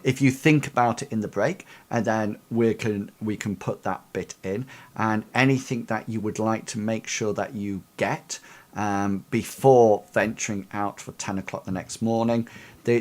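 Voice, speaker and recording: A man narrating as game master of a streamed tabletop game, rambling with many fillers and restarts. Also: lowish voice.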